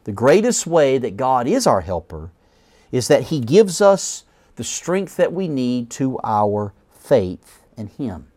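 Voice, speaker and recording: A man preaching a sermon, reading scripture aloud and explaining it, slowing and dropping his voice at the ends of phrases, sometimes correcting himself. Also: medium pitch, sing-song, darkish tone. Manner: self-corrects mid-sentence.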